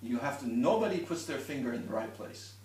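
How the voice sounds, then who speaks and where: A man's voice: medium pitch, expressive, a little fast, a little mellow, slight background noise. Man, violin teacher, patient explanations, roomy sound, distant mic. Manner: patient, explains with demonstrations and restarts. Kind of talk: one-on-one instruction.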